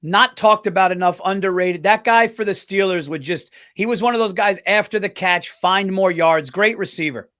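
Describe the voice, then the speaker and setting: A man co-hosting a podcast, telling an animated story in casual chat and swearing freely. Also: high-pitched, moderate pace, hardly any pauses. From United States. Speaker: podcast co-host.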